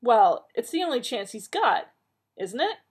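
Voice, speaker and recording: A woman's voice: fairly high pitch, very animated, a little slow, breathy edge, voice pushed up, heavily acted. A woman reading aloud, voicing a sarcastic, fretful man with snappy, rising exclamations.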